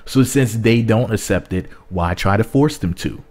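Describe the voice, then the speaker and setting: A man's voice: lowish voice, moderate pace, a little mellow. A man giving casual spoken commentary in a rambling way, repeating words as he goes. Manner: rambling, repeats words, drops into mocking voices. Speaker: vlogger.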